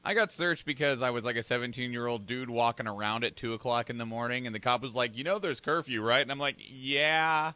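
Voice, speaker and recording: Young man co-hosting, bright casual podcast voice. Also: medium pitch, fast talker, few pauses, clear, resonant tone. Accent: Southern American, faint. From American South. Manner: rambling, self-correcting, laughs easily. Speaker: podcast co-host. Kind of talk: casual news-reading chat.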